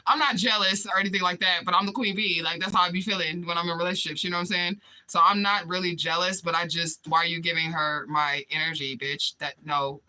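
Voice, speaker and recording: Woman livestreamer, bright and punchy voice, profane and candid, laughs a lot. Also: lowish voice, fairly even intonation, fast talker, few pauses. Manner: candid, profane, laughs often, answers viewers directly. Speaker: livestream vlogger reading chat comments. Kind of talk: casual livestream chat.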